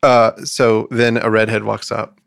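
A man's voice: on the low side, little pitch movement, measured pace, gravelly, a bit bright, no echo, studio quality. A man co-hosting a podcast, joking around and telling a long joke. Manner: jokey, tells jokes with put-on voices. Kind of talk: casual podcast chat.

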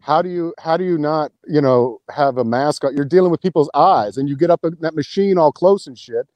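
A man with a mellow, dark voice chats as a podcast guest. He tells a rambling story with lots of restarts and some swearing. The sound is dry and close. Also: on the high side, fairly quick, no echo. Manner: rambling, restarts, profane, animated retelling. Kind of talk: casual chat, storytelling.

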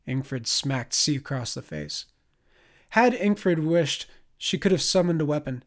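A man reading a science fiction audiobook as narrator, in a measured, expressive way. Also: fairly high pitch. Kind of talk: scripted narration.

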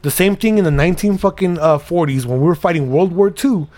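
A man co-hosting a podcast, talking in an animated, profane, rambling way. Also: high-pitched, a little fast. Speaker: podcast co-host. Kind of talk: casual chat.

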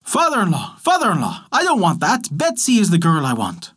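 A man voicing a greedy, demanding male frog in a storybook tale, shouting and croaking his orders. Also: high voice, huge pitch swings, a little fast, exaggerated voice. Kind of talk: storybook character voice.

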